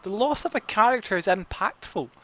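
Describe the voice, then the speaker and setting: A man, narrating a tabletop game as game master with animated, playful delivery. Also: high voice, brisk, no echo.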